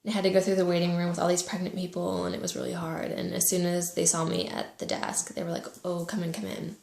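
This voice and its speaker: Soft-spoken woman with a gravelly voice. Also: lowish voice, completely flat delivery. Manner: emotional, halting, soft-spoken. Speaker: vlogger. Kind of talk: personal storytelling. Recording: echoey room.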